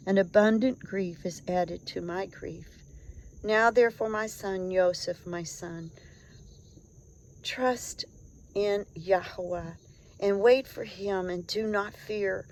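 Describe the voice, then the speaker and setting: A woman's voice: medium pitch, darkish tone, slight background noise, lightly acted, rough recording. A woman voicing a dead mother's spirit speaking tenderly from beneath the grave in a storybook reading.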